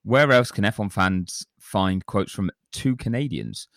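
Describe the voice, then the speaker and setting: Deep-voiced man hosting a chat. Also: lively intonation, unhurried, a bit bright, no echo, clean studio sound. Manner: chatty, self-deprecating, reads reviews aloud. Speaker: podcast host. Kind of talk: casual chat, reading listener reviews.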